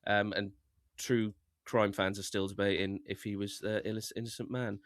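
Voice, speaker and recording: A man, co-hosting a podcast, telling a story in a relaxed, rambling way. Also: fairly low pitch, moderate pace, few pauses, no room sound, clean studio sound. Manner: breezy, rambling, swears casually. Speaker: podcast co-host. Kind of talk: casual chat telling stories.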